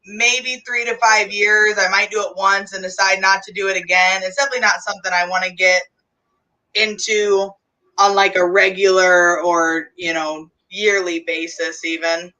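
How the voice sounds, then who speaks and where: A woman's voice: mid-range voice, little pitch movement, normal speed, pushed and bright. A woman chatting casually about her snakes, laughing often. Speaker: reptile livestream host. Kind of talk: casual chat. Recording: distant from the mic.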